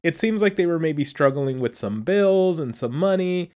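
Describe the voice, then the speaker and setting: A man's voice: on the high side, expressive, normal speed, a little mellow. A man co-hosting a podcast, reviewing a film in casual chat and musing at length over folklore. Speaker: podcast co-host.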